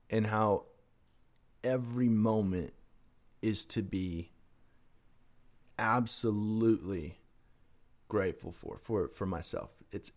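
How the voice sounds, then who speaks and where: Low-voiced man telling a wild story. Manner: animated, profane, swings between hushed and loud. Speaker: podcast guest. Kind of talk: casual personal storytelling.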